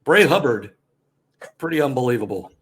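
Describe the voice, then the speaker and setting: A man hosting a casual sports podcast, calmly going through football players and where they rank. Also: medium pitch, moderate pace. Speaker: podcast host.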